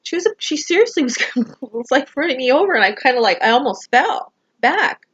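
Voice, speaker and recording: A woman vlogs straight to camera in a somewhat high voice, rambling and emotional and leaning on fillers as she goes. The sound is dull and lo-fi, like a home recording. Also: animated, moderate pace, a bit bright, breathy edge. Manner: rambling, emotional, full of fillers like "you know". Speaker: vlogger. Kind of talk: personal talk to camera.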